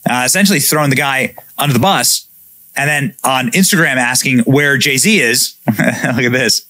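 A man hosting a commentary show, reading out news and reacting in an animated way. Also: mid-range voice, normal speed, no room sound. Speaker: host.

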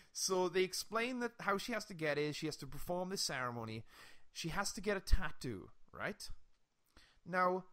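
A young man chats on a podcast, telling a story with plenty of animated energy. His voice sits a little high for a man, and he swears and laughs freely as he goes. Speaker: podcast co-host. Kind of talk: casual chat.

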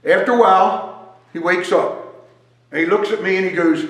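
A man telling a joking, animated story as a sermon at a church service. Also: high voice, moderate pace. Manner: animated, joking storyteller who wanders while talking. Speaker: guest speaker at a church service. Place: church sanctuary. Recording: echoey church hall.

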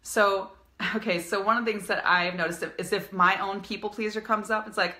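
A woman's voice: medium pitch, fairly even intonation, fairly quick, bright, forceful tone. A woman business coach giving an upbeat, emphatic live-streamed coaching talk, repeating her key phrases.

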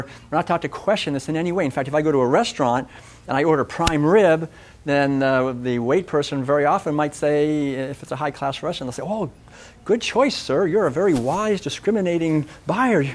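A man giving an animated, conversational public talk at a festival, often acting out voices. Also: on the high side, fairly quick. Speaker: speaker.

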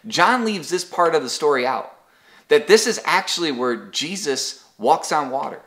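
A man's voice: a little high, lively intonation, moderate pace, a bit bright. A man leading an online Bible study in a conversational devotional style, often repeating a word as he restarts and telling everyday examples. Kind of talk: casual devotional teaching.

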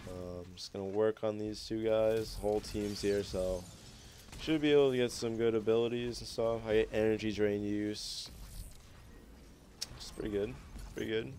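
A man's voice: on the low side, steady tone, moderate pace, mellow, a little hiss or hum. A young man giving loose, profane commentary over his gameplay footage, rambling and easygoing. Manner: laid-back, rambling, heavy swearing. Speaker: gaming YouTuber.

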